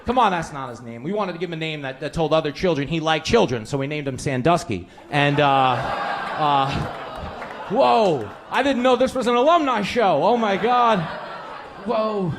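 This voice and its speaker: A man doing a stand-up routine with rapid dark jokes and mock phone calls. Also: on the high side, expressive, slight background noise. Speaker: stand-up comedian.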